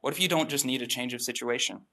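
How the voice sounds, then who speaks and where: A man giving a relaxed, chatty sermon with self-deprecating asides. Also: medium pitch, fast talker, creaky. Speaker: preacher. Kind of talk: conversational sermon.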